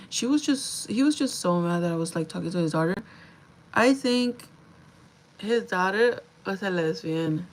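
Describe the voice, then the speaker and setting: A woman's voice: lowish voice, normal speed, rough recording. Chatty young woman telling a story. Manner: chatty, animated, swears freely, switches into Spanish. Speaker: livestream host. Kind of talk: casual storytelling to viewers.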